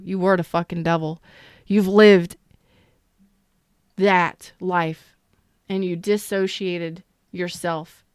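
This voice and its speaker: A woman with a lowish, clear and resonant voice, recorded dry at studio quality, gives a live-streamed tarot reading. She speaks candidly, swears freely and greets viewers in the chat, all with strong emotional intensity.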